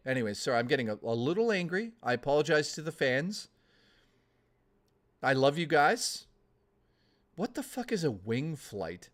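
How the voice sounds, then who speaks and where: A man's voice: a little high, big pitch swings. A man chatting casually on a live stream, thanking viewers and rambling into profane rants. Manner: rambling, profane, quick to rant. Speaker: livestreamer.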